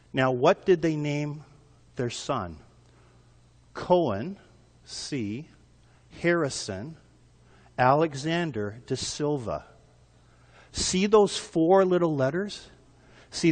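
A man preaches with earnest emphasis, stacking one repeated phrase on another. His voice sits a touch higher than most men's. A long reverb trails each phrase through the hall. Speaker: pastor. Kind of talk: sermon.

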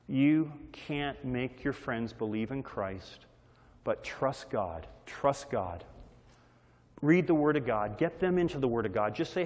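A man's voice: medium pitch, expressive, measured pace. A man preaching a sermon, repeating phrases to drive a point home and shifting his emphasis often. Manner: repetitive call-and-response phrasing, varied emphasis. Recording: long reverb of a large hall.

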